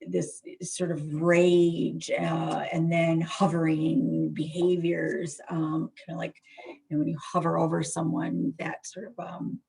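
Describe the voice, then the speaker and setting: A woman's voice: deep voice, takes it slowly, gravelly, mellow, slightly rough. A middle-aged woman therapist giving a presentation on trauma in a conversational way, full of fillers and restarts.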